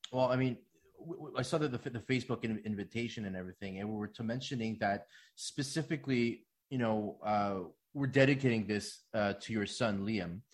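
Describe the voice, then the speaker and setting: Rambling man hosting an interview. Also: lowish voice. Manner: rambling, many fillers and false starts. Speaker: radio host.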